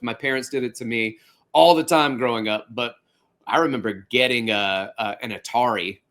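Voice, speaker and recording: A man in his forties hosting a fitness podcast, talking in a conversational, animated way with playful asides. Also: medium pitch, moderate pace. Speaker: podcast host. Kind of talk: casual podcast monologue.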